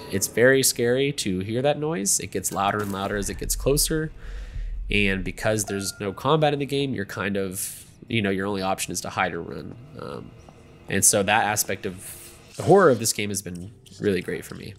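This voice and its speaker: A man's voice: on the low side, moderate pace, creaky, slight background noise. A young man hosting a gameplay video, chatting casually with many ums and you-knows.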